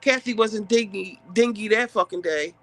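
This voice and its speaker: A woman's voice: medium pitch, moderate pace, a bit bright. A woman panelist in a casual gossip chat, blunt and swearing as she retells reality-show drama. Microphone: remote call.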